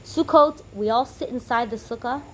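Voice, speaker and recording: A woman teacher giving a holiday lesson to children, telling a story in an animated way and acting out the characters' lines. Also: a little high, moderate pace, slight background noise, poor audio.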